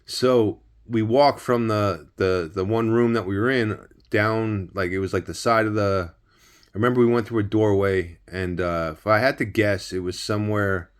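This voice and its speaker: Low-voiced man telling a rambling story. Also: fairly even intonation, normal speed, clear, resonant tone. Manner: rambling, many restarts and swearing. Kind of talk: casual personal storytelling.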